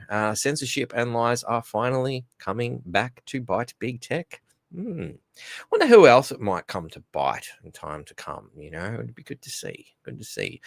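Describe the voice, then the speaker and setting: A man's voice: lowish voice, a bit bright, dry recording. An Australian man hosting a casual solo podcast, rambling along, stammering over repeated words and chuckling at his own jokes. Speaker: podcast host.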